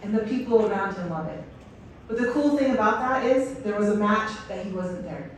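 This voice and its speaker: A woman's voice: mid-range voice, animated, fairly quick, far from the mic, slight background noise. Echoey woman speaking to a stadium. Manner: enthusiastic, storytelling, many fillers. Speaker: head volleyball coach, guest speaker. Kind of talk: speech to a stadium crowd. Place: outdoor stadium.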